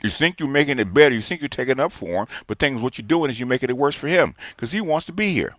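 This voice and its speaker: A man's voice: medium pitch, animated, quick pace, a bit bright, dry recording, clean studio sound. Lecturing man in his sixties. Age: 60s. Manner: emphatic, lecturing, repeats himself. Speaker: streamer. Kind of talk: ranting response monologue.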